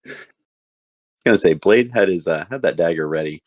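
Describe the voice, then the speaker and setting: A man playing a tabletop game on a voice call, talking in a slow, halting way with fillers. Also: low voice, no room sound, muffled recording. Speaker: player. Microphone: headset or desk mic on a voice call.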